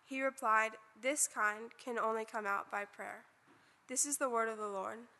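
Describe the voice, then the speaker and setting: A woman's voice: on the high side, fairly even intonation, normal speed, sharp tone, slight background noise. A woman reading a Bible passage aloud in church, lifting her voice for the quoted speech. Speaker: scripture reader. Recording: church hall reverb.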